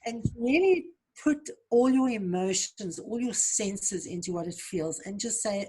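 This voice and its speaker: Breathy-voiced woman guest, earnest, talking thru her healing story and giving tips. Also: mid-range voice, measured pace, darkish tone. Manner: earnest, reflective, advice-giving. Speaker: guest, trauma survivor coach. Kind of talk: interview answers, personal story.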